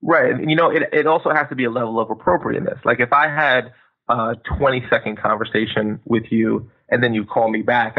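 Man, gravelly voice, energetic advice giver, phone-quality audio. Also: medium pitch, brisk. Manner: energetic, emphatic, acts out phone greetings. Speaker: guest speaker. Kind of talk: podcast interview, motivational advice. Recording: tinny phone line.

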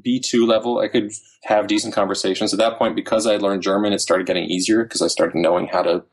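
A man in his thirties, a language learning author, chatting casually as an interview guest with lively quoted asides. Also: on the low side, fast talker, husky. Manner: animated storytelling with quoted asides.

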